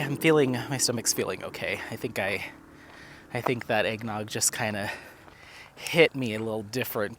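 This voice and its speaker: A man's voice: mid-range voice, fairly bright tone. Guy rambling thru a vlog on a walk, lots of ums, calls his dog all playful, faint outdoor hum. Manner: rambling, chatty, with many fillers. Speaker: crafting vlogger. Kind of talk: casual vlog chat.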